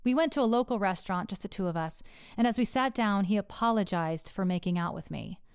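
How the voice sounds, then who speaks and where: A woman's voice: mid-range voice, brisk, smooth, no room sound. A middle-aged woman telling her own story in a candid, wry and profane way, recorded close on a studio mic. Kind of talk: confessional personal storytelling.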